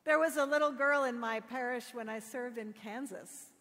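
A middle-aged woman pastor giving a sermon, telling stories with gentle humor. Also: a little high, normal speed. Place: church. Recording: long reverb of a church.

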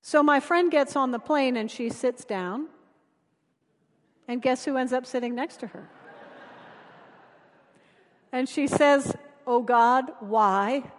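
A woman preacher tells stories in a sermon, earnest and often dropping soft for emphasis. Her high voice moves slowly with long pauses as a long reverb fills the church around her.

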